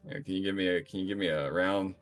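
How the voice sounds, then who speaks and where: A man's voice: low-pitched, steady tone, fast, soft background music. A man playing a tabletop game, joking around and swearing casually. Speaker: player.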